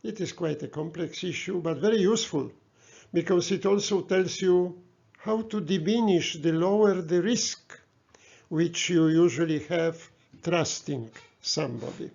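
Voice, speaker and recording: Slow, gravelly-voiced male lecturer. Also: on the high side, darkish tone, highs cut off. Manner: slow, measured lecturing with pauses. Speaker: professor. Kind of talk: academic lecture.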